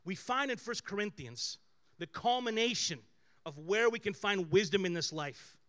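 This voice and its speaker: Speaking at normal speed in a high-pitched voice, a male pastor shares personal stories in a conversational sermon, alternating animatedly between loud bursts and soft asides.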